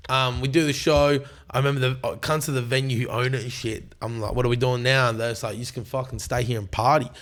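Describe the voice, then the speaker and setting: A man's voice: medium pitch, steady tone, fast talker, hardly any pauses, fairly bright tone. A young Australian man on a podcast, telling a rowdy tour story in casual chat, swearing freely and acting out what people said. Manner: swears a lot, acts out quotes. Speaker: guest.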